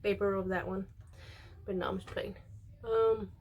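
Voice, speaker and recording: A young woman chats casually while she does her makeup. She rambles with plenty of ums and likes and keeps slipping into quoting other people. Her pitch sits at an ordinary middle height. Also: level tone, moderate pace, darkish tone. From Mexican. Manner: rambling, many fillers, quotes others. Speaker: beauty vlogger.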